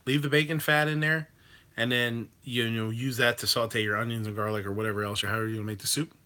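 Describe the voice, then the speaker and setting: A man hosts a live stream in a loose, rambling way, with plenty of ums and the odd curse. His voice is bright and forceful. He reacts freely to what his viewers type. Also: medium pitch, fairly even intonation, quick pace. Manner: rambling, loose, with swearing and many fillers. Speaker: livestream host reading chat. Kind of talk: casual chat.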